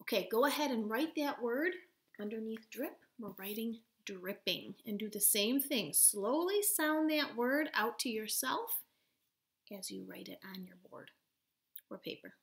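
Gentle first grade teacher, woman. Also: on the high side, animated. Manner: gentle, slow, encouraging, sounding words out. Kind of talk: recorded video lesson for young children.

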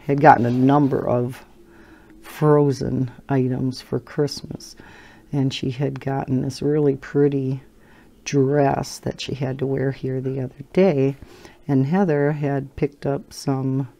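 A low, mellow older woman chats at an unhurried pace as she colors. She rambles through everyday stories and laughs often, with a baby in her arms. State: holding a baby while talking. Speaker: coloring channel host. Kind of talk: casual chat while coloring.

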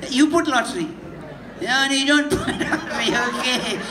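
A man's voice: extremely high pitch, expressive, moderate pace. Durban Indian man doing party stand-up. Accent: South African Indian English, Durban. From South Africa. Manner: teasing crowd banter, laughing between jokes. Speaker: stand-up comedian. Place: party hall. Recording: echoey hall with loud noise.

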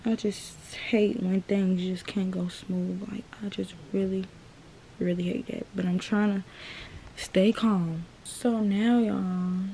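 Slow, mellow-voiced young woman vlogging. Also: mid-range voice, little pitch movement, slight background noise. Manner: chatty, addresses viewers as y'all. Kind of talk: casual vlog talk to viewers. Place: her bedroom.

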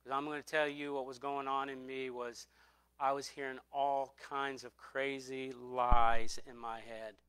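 A middle-aged man preaching in a bright, clear, forward voice. He gives an earnest personal testimony and leans on repeated phrases for emphasis. The sound is close and dry, with almost no room around it. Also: mid-range voice, little pitch movement, unhurried, no room sound. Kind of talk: sermon.

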